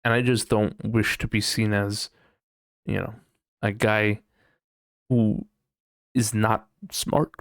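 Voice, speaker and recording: A man's voice: fairly low pitch, flat delivery, takes it slowly, long pauses, no echo, clean studio sound. A young man hosting a casual solo podcast, rambling and self-mocking as he talks to his chat, sometimes slipping into goofy mock voices. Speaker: podcast host.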